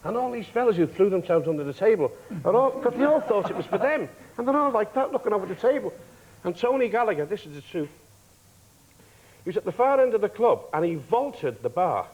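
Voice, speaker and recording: A man sits as a TV studio guest and tells anecdotes with a raconteur's timing. His voice sits a little high and bounces all over the place. He laughs easily and slips into other people's voices. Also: brisk, poor audio. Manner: lively raconteur, laughs often, acts out quoted voices. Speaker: talk show guest, actor. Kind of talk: anecdotal storytelling.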